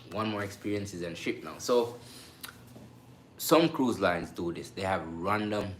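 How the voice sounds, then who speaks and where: A man who works on a cruise ship, telling a story to camera in a casual, animated way and acting out sounds and voices. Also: sits low, a little slow. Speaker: cruise ship crew member vlogger. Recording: echoey room with faint background noise.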